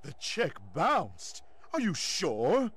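A man's voice: high voice, wildly swooping pitch, takes it slowly, fairly bright tone, a little hiss or hum, full character voice. An actor playing a scheming male mad scientist villain in a video game, with a smug, theatrical delivery. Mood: sheepish.

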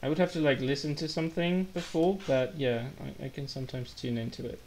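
A man gives relaxed, chatty commentary as he plays a game live. He jokes a lot and laughs at his own blunders, in a middle-pitched voice. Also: a little fast, a little hiss or hum. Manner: chatty, joking, self-deprecating. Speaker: gaming livestreamer. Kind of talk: casual live gameplay commentary.

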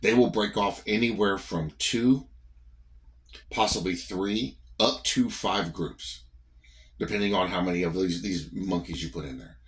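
A man from the American South, with a Southern US accent, delivers a morning devotion. His voice sits low and a little slow as he preaches emphatically, repetitively, and conversationally.

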